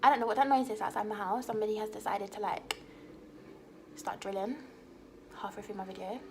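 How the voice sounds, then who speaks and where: A woman's voice: medium pitch, fairly even intonation, a little fast, background noise. A young woman telling a personal story to camera in a chatty way, often asking her viewers "okay?". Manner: chatty, frequent "like" and "okay?" check-ins. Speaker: vlogger.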